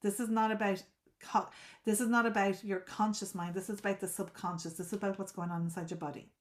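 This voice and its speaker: A woman's voice: medium pitch, little pitch movement, fast talker. Woman, group coach, live video call, repeats and restarts words, checks in with listeners.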